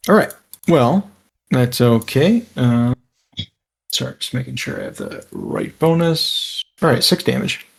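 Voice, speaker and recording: A man's voice: mid-range voice, wildly swooping pitch, unhurried, vocal fry, breathy edge. A man playing a tabletop game, hesitant and checking the rules as he goes. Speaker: player.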